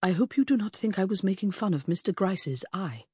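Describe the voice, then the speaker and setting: A woman voicing a courteous, melancholy man, a former army officer, in a formal and gentle way. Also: sits high, animated, fairly quick, slightly rough, no room sound, clean studio sound.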